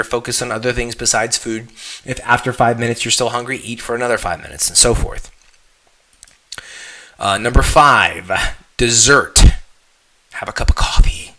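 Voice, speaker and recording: A man teaching an online fitness lesson in a direct coaching manner, often checking in with "okay?" and jumping up in pitch on emphatic questions. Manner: animated, voice jumps up on emphatic questions.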